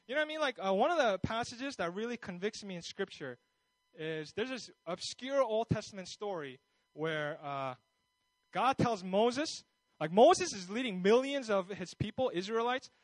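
Male pastor preaching a sermon: high voice, dry close recording, lively and repetitive storytelling. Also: normal speed, no echo, poor audio. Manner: animated storytelling, repeats words, acts out voices.

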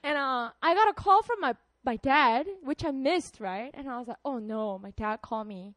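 A young woman from South Korea, giving an animated personal testimony and laughing often. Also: high voice, moderate pace, dry recording.

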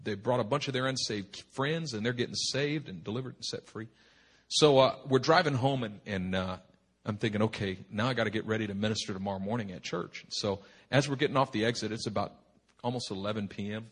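A man preaching at a church retreat, telling a humorous personal story in an animated, rambling way full of restarts. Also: fairly low pitch, fairly quick, breathy edge. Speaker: pastor. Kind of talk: sermon storytelling. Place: retreat meeting hall.

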